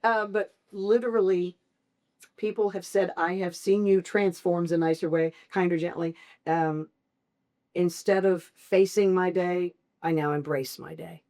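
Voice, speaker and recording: Middle-aged woman talking about caregiving, kinda low voice, animated, jumps way up in pitch when she acts out what people say. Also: moderate pace. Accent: Southern American. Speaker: guest, family caregiver. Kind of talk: candid conversational interview.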